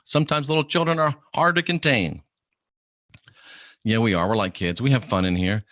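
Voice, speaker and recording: A middle-aged man hosting a livestream, delivering an animated, preachy monologue and mimicking the people he quotes. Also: mid-range voice, moderate pace, no echo. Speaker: host of an online channel.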